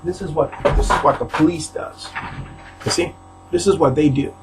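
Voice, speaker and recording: A man's voice: on the high side, normal speed, over loud music, rough recording. A man from Haiti ranting to camera in his apartment, aggrieved and repetitive, often rising into outbursts. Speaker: preacher. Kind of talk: agitated video rant. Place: apartment, indoors.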